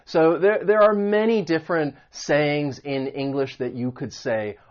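A man's voice: on the high side, unhurried, dull audio. A man teaching English vocabulary, explaining meanings and pronunciation patiently with spoken examples. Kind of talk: vocabulary lesson.

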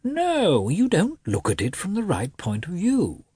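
Man voicing a patronizing elder brother, lecturing, husky, lively pitch. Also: measured pace, dry recording, clean studio sound, exaggerated voice.

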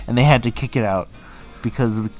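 A man's voice: medium pitch, quick pace, faint music behind. A man co-hosting a comedy podcast, making dry sarcastic remarks and laughing along. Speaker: podcast co-host. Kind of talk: casual comedic chat.

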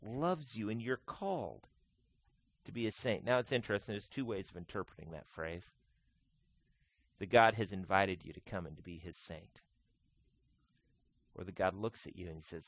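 A man preaching a sermon as pastor, swinging between quiet intimate lines and loud, emphatic, repeated declarations. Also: fairly low pitch, expressive. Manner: slow deliberate delivery with repeated phrases.

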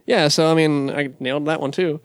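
A man's voice: on the high side, fairly even intonation, fairly quick, smooth, no room sound, clean studio sound. A man co-hosting a casual beer tasting podcast, rambling and stumbling over words with a lot of laughter. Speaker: podcast co-host.

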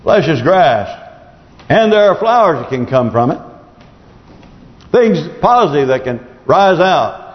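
A man preaching a sermon as pastor, his voice swooping up on emphasis and dropping low when he reads scripture. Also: very animated, unhurried, long pauses. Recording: echoey hall, dull lo-fi sound.

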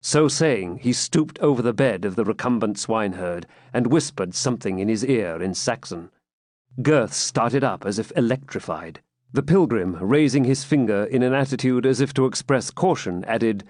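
A man narrates a classic novel in a measured, expressive reading. His pitch moves with lively range. The sound is dry and close, with no room echo. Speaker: audiobook reader.

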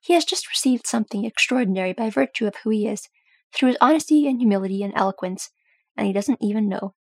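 A woman's voice: medium pitch, quick pace, no echo, close to an everyday voice. A woman voicing a proud dwarf king who speaks staunchly and fervently.

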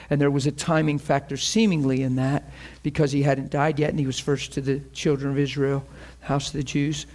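A man preaching a sermon, animated and emotional, acting out scripture scenes and breaking into laughter. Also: on the high side, normal speed, hardly any pauses.

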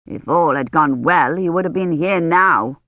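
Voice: medium pitch, a little slow, no echo, dull audio. A reader voicing a stern, disapproving old medieval noblewoman who speaks curtly and scolds. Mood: scornful. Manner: curt, scolding. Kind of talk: audiobook character voice.

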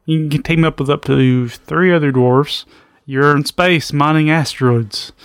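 Easygoing guy on a podcast, a bit high for a man, swears a lot, dead dry room. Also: steady tone, unhurried, clean tone, dry recording. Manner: blunt, profane, easygoing. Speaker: podcast co-host. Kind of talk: casual chat.

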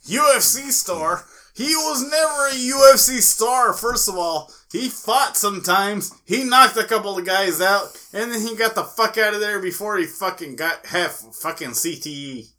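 A man co-hosting a fight podcast, ranting and swearing through profane casual chat. His voice sits high and sounds bright and sharp. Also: expressive, moderate pace. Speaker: podcast co-host.

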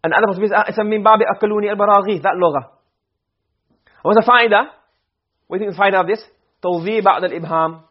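A male teacher giving a classroom lecture on grammar, explaining and then checking understanding with quick questions. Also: high-pitched, slightly rough, muffled recording.

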